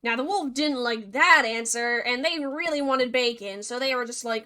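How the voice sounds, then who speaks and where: A young woman narrates a fairy tale for laughs, casual and sarcastic, with constant dry asides. Her voice is somewhat high, bright and forceful. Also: moderate pace, few pauses. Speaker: video creator and narrator. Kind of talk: comedic storytelling narration.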